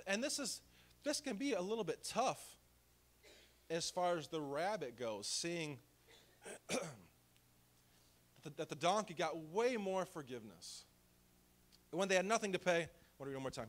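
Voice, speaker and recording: A man's voice: a little high, expressive, moderate pace, a bit bright. Humorous conversational male pastor. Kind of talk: sermon. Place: church sanctuary.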